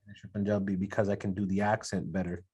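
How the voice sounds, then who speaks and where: A man's voice: sits low, flat delivery, quick pace, dark tone, slightly rough. A man co-hosting a podcast in casual chat, playful and swearing freely. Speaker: podcast co-host.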